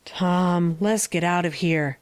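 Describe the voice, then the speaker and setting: A woman's voice: lowish voice, animated, unhurried. A woman voicing a wary, superstitious ragged boy in a drama, with a hesitant, drawling way of talking. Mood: uneasy.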